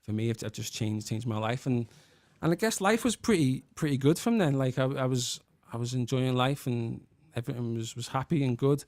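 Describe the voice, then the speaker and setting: A man from Liverpool in his thirties, a guest musician and worship leader, talking in an earnest, halting way with many restarts. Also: medium pitch, darkish tone, dry recording. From Liverpool, England. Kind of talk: casual chat.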